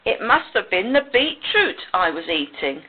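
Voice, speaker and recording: A woman's voice: mid-range voice, sing-song, measured pace, slightly rough. A woman voicing a helpful, clumsy male goat who talks cheerily and apologetically, on a tinny recording. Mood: cheery.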